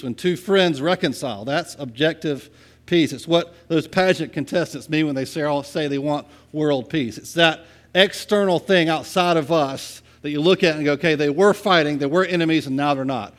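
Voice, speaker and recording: Conversational preacher, man with raised pitch. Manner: conversational, asks "right?" often, swings from soft to loud. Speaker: pastor. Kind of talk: sermon.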